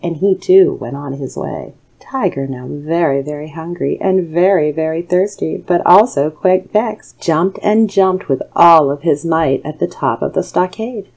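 Soothing, mellow woman storyteller. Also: low-pitched, gravelly, poor audio. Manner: soothing, measured. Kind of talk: calm bedtime story narration.

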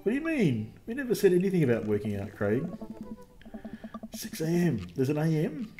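A man's voice: a little high, huge pitch swings, moderate pace, music in the background. A man streaming a dating game, reading it aloud with wry, jokey asides. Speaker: let's play streamer.

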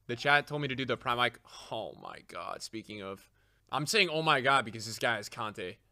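A young man giving live commentary on his own football video game match to his chat, excitable, swearing often and yelling at big plays. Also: medium pitch, moderate pace, no echo, clean studio sound. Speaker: game streamer.

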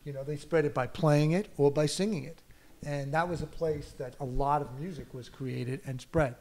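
A man's voice: a little high, steady tone, moderate pace, warm tone. A man from the United States, a film director and actor, talking animatedly as a guest in an onstage conversation, full of "you know" and laughter.

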